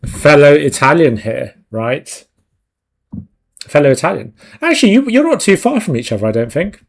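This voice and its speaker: A man's voice: fairly high pitch, sing-song, normal speed, creaky. A man hosting a live stream, chatting casually and jokingly with viewers while he works, laughing often. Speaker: 3D art stream host.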